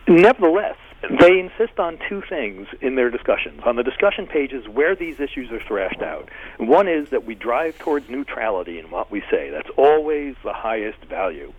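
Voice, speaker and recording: A man gives long, discursive interview answers with lively swings of pitch. His voice is husky and a bit breathy. It comes through a narrow, tinny phone line. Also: normal speed. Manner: animated, discursive, emphatic.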